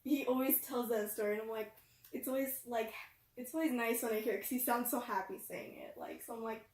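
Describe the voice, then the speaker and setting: A woman's voice: on the high side, fairly even intonation, a little fast. A teenage girl talking casually about her family, hesitant and full of "like". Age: teens. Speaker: daughter. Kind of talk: casual chat. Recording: echoey room.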